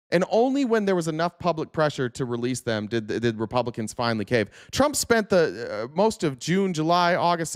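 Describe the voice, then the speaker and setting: A man with a high, lively voice delivers a heated, profane livestream rant and confronts his viewers. His pitch swings widely as he argues. The sound is dry and close to the mic. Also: no echo. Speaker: political livestreamer.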